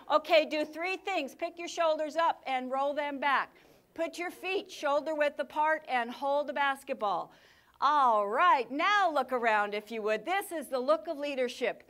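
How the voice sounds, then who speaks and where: A woman giving a live workshop talk to an audience, with an energetic, punchy delivery and dramatic pauses. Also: high-pitched. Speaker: communication speaker.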